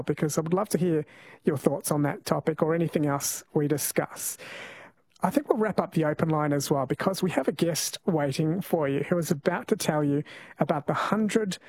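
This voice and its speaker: A man's voice: a little high, a little mellow, no echo. A man hosting a late-night talk radio show, friendly and conversational, speaking into a studio microphone. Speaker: overnight radio host.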